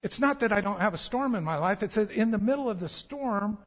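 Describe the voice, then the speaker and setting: A man with a high, light voice preaches a sermon, telling the story with animation and acting out the voices of its people. His words ring out with a long reverb trailing behind them, like a church sanctuary. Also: animated, a little fast, a bit bright. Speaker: pastor.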